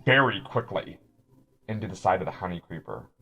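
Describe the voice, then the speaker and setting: A man's voice: deep voice, expressive, brisk, pushed and bright, husky, highs cut off. A man narrating as game master, rambling with frequent restarts. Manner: rambling, many restarts and fillers.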